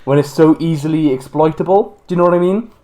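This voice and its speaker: A man's voice: on the high side, mellow. A man from Britain co-hosting a podcast, chatting casually in a rambling way. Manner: chatty, rambling, quick asides. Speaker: podcast co-host. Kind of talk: casual chat.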